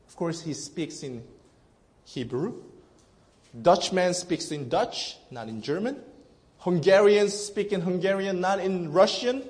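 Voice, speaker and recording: High-voiced, slow-preaching male pastor. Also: a little mellow. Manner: earnest, emphatic preaching with frequent restarts. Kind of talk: sermon.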